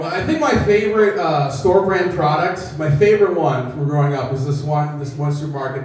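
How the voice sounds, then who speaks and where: A man's voice: fairly high pitch, a little mellow, recorded from a distance. A man doing a stand-up comedy set, self-deprecating and acting out characters in voices, recorded in an echoey room from off the mic.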